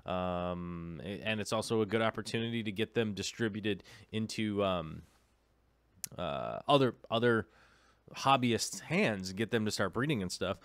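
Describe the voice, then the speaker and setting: A man's voice: fairly low pitch, a little slow, a bit bright, smooth, no echo. A man vlogging casually about his hobby, rambling with many filler ums and chatty asides to the viewer. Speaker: aquarium vlogger. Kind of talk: casual vlog chat.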